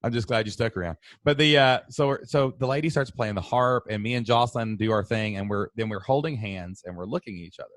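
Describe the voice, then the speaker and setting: A man in his thirties co-hosting a casual chat, a talkative and animated storyteller. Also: fairly low pitch, fast talker, few pauses, dry recording. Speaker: co-host.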